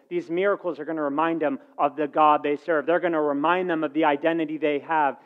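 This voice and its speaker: A man preaching with a slightly high voice, acting out the story's dialogue as he goes and swinging between quiet asides and loud lines. The recording sounds dull and lo-fi. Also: normal speed. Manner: animated storytelling, acting out dialogue with shifts in volume. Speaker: pastor. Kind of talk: sermon.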